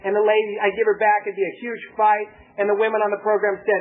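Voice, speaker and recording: Man speaker at a recovery meeting, animated testimony, acts out quoted voices, fairly high voice, tinny lo-fi tape. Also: fast talker, few pauses. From Southern California. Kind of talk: personal testimony. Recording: tinny lo-fi tape with faint hiss.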